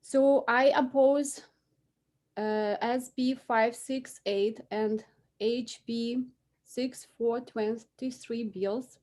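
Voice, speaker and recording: A woman's voice: on the high side, fairly even intonation, very slow, a little mellow. A woman in her forties with a Belarusian accent, English not her first language, giving earnest, emotional testimony at a public hearing over a remote call. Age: 40s.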